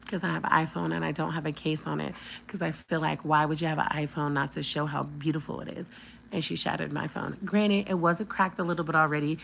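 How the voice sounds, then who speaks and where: A woman's voice: low-pitched, gravelly, a bit bright, slight background noise, poor audio. A woman in her thirties telling a personal story on a vlog, blunt and emphatic with plenty of cursing.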